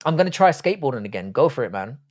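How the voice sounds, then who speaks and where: A man's voice: mid-range voice, sing-song, very fast, darkish tone. A man in his forties with an English accent, hosting a casual livestream, greeting viewers by name and trading blunt, crude jokes full of swearing. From England. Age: 40s. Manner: greeting and reading out viewer chat. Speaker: livestream host.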